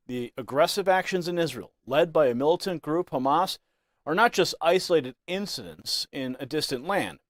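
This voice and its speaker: A man's voice: fairly high pitch, no echo, clean studio sound. A man presenting scripted news commentary with a dramatic, emphatic delivery.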